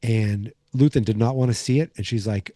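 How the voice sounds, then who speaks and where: A man's voice: on the low side, a little fast, dark tone, dry recording, clean studio sound. A man hosting a podcast, recapping an episode in a loose, casual way, full of fillers and restarts. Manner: rambling, many fillers and restarts. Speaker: podcast host.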